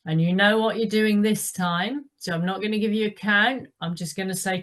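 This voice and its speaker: A woman's voice: medium pitch, fairly even intonation, normal speed, few pauses, a bit bright. A woman leading an indoor cycling class, giving encouraging instructions and calling out the pedaling rhythm.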